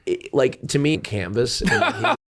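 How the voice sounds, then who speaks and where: A man's voice: mid-range voice, wildly swooping pitch, a little slow. A man in casual political chat, hesitant and stumbling, with some swearing. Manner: hesitant, restarts often, swears.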